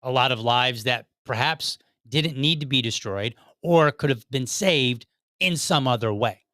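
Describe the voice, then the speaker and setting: A man's voice: medium pitch, a little slow, sharp tone, no room sound. Male podcast host, loose conversational delivery, dry recording. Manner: conversational, many restarts and "like" asides. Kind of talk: casual political commentary.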